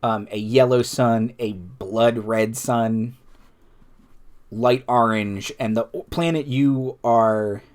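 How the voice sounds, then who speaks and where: A man running a tabletop session as game master, describing the scene at an unhurried, slow pace. His delivery is halting, with frequent fillers and self-corrections. His pitch sits in an ordinary middle range. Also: steady tone. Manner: halting, full of fillers and restarts.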